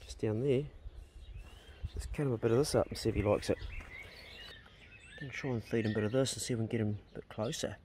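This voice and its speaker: A man's voice: fairly low pitch, fast, pauses often, a little hiss or hum. A man with a New Zealand accent giving casual, slangy commentary while filming wildlife outdoors on his farm with a handheld camera. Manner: relaxed, laid-back, slangy narrating while filming wildlife. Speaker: farm vlogger. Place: outdoors on a farm by native bush. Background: faint birdsong and outdoor ambience.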